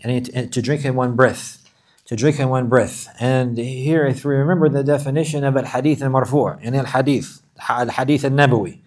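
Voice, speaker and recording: A man giving a religious lesson, who repeats his phrases and reads Arabic quotes quickly before translating them. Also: mid-range voice, fairly even intonation, darkish tone. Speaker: Islamic teacher. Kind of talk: religious lesson explaining hadith.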